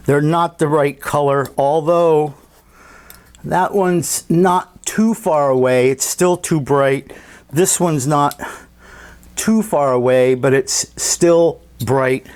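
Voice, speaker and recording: A man talking casually about his scale model at a home workbench, unhurried and thinking aloud with fillers and restarts. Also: a little high, a little mellow, clean tone. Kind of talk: casual hobby workshop walkthrough.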